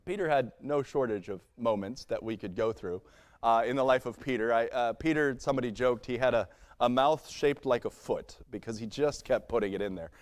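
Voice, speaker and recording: A man's voice: mid-range voice, a little fast. Man preaching in a casual, joking way. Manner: conversational preaching with playful acted-out asides. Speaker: pastor. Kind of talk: sermon. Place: church sanctuary.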